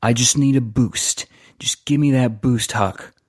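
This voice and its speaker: A man's voice: mid-range voice, steady tone, unhurried, husky, dry recording, clean studio sound, voice pushed up. A man voicing a weary, ambitious male ex-saboteur who talks earnestly and gets emotional.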